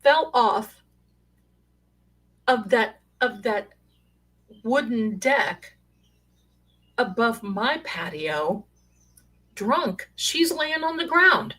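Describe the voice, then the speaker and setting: Slow-talking woman telling stories. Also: a little high. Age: middle-aged. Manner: animated, rambling, exclamatory. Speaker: storyteller sharing paranormal stories. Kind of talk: casual storytelling.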